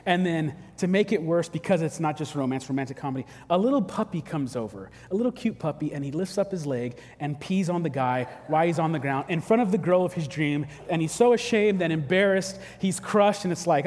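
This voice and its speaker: Animated man preaching in a reverberant hall. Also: fairly high pitch. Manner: animated storytelling with acted-out quotes. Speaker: pastor. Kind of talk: sermon. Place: church hall.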